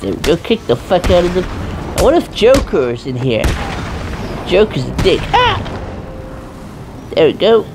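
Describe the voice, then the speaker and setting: A woman giving loud, profane, playful let's-play commentary. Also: lowish voice, huge pitch swings, a little slow, pauses often, background noise. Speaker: gaming streamer. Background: game music.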